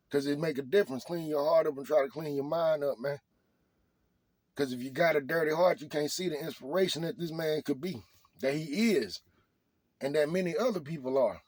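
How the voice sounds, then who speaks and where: A man's voice: on the high side, darkish tone, no room sound. A man delivering a motivational rant to his viewers, hammering the same rhetorical questions again and again in slangy speech. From Arkansas. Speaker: vlogger.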